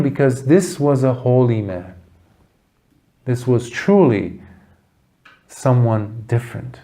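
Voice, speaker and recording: A man giving a Buddhist dharma talk, telling a story earnestly with dramatic pauses. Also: mid-range voice, animated, mellow. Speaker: Buddhist teacher.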